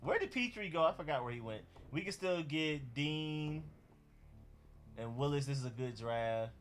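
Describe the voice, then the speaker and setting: A man's voice: a little high, animated, moderate pace, soft background music. A young man with an Atlanta accent, hosting a casual live stream and reacting to chat and talking to his dog. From Georgia.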